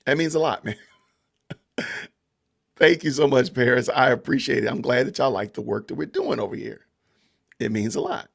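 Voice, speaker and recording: Gravelly Georgia-accented man chatting. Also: medium pitch, very animated, moderate pace, pauses often. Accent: Southern US, Georgia. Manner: laid-back, chatty, greets viewers. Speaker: podcast host. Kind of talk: casual livestream chat.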